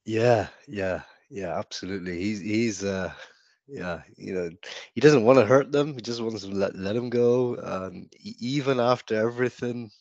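A man guesting on a podcast, talking about comics in a hesitant, soft-spoken way with many restarts. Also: lowish voice, normal speed, no echo, highs cut off. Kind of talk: casual chat about comics.

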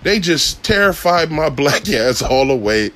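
A man telling a long story in a casual, laid-back way, full of swearing and laughter, his voice jumping up whenever he gets excited. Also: a little slow. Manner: profane, laid-back, laughs often, pitch jumps when excited. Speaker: podcast host telling a driving story.

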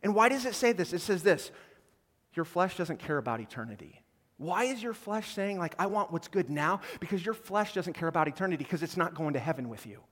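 A man preaching a sermon as a pastor, animated, acting out quoted voices and swinging between quiet and loud passages. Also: high voice, quick pace, few pauses, big-room sound. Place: church auditorium.

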